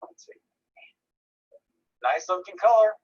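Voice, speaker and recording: A man teaching a live online painting class, giving relaxed, encouraging critiques and thinking aloud with frequent restarts. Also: high voice, slow, lo-fi sound. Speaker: painting instructor. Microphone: video call.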